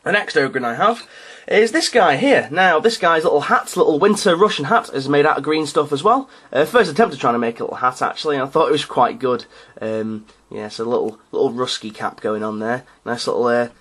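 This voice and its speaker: A man's voice: mid-range voice, expressive, brisk, a bit bright. A man with an ordinary mid-range voice casually narrates a show-and-tell of his miniatures. He rambles, hesitates and restarts often, filling gaps with ums. He keeps a lightly amused, self-deprecating tone. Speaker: hobbyist showing his painted miniatures.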